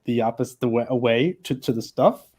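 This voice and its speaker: A man playing in a tabletop game, expressive and joking, quick to laugh. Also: mid-range voice, breathy edge. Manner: expressive, laughs easily, jokey. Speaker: player.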